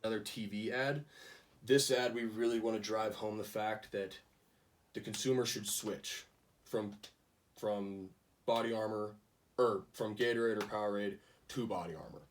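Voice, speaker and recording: A man's voice: on the low side, fairly even intonation, normal speed, far from the mic, a little hiss or hum. Young man presenting, a bit off-mic. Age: young adult. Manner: casual, many ums, restarts. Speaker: student presenter. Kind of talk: class project presentation.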